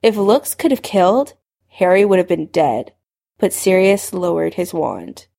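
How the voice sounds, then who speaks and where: A woman narrating a fan fiction story in a steady storytelling voice. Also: on the low side, a little slow, vocal fry. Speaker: reader.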